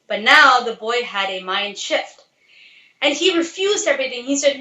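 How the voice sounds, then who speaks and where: A woman's voice: high-pitched, expressive, moderate pace, bright, forceful tone, echoey room, lo-fi sound. A woman giving an earnest devotional talk, telling a story and asking rhetorical questions to urge listeners on. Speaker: devotional speaker.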